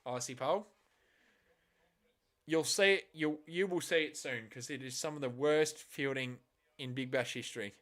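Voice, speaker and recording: A man hosting a casual live reaction stream of a match, swinging from quiet muttering to loud, exasperated outbursts and swearing bluntly. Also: mid-range voice, normal speed.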